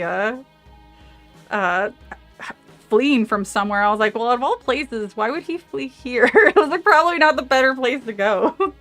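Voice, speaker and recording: A woman's voice: mid-range voice, a bit bright. A woman streamer chatting casually with her audience, rambling, trailing off into asides and laughing often. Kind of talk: casual livestream chat with audience.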